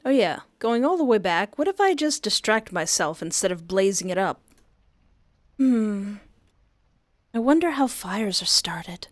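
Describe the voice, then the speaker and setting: A woman reading a story aloud, often breaking off into excited, squealing asides. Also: mid-range voice, no room sound. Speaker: story reader.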